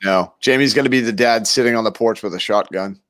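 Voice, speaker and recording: Male podcast co-host, relaxed and slangy, teasing banter, dry close-miked sound. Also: fairly low pitch, fast talker, dry recording. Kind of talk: casual podcast chat.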